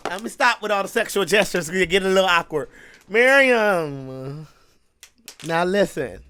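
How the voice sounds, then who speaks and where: An American man hosting a reaction video, cracking loud slangy jokes over the clip. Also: high-pitched, animated, moderate pace, clear, resonant tone. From United States. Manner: loud, joking, slangy interjections. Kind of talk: casual reaction commentary.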